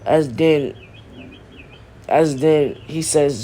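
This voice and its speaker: Halting man improvising a fan story. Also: a little high. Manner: halting, repeats and restarts phrases. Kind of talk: improvised fan-fiction narration. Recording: faint background noise.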